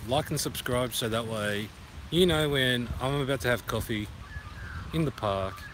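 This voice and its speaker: A man's voice: mid-range voice, a little slow, fairly bright tone. Australian man, outdoor phone vlog with traffic noise, loose rambling talk full of puns. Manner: rambling and punning, sings along loosely. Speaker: vlogger. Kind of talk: casual walking vlog. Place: outdoor park by a duck pond. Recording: noisy outdoor phone recording. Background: outdoor ambience with passing traffic.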